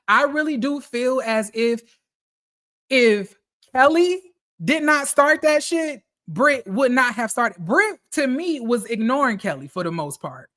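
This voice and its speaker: A man recapping a reality TV episode in casual commentary, animated and profane, talking straight to his viewers. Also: extremely high pitch.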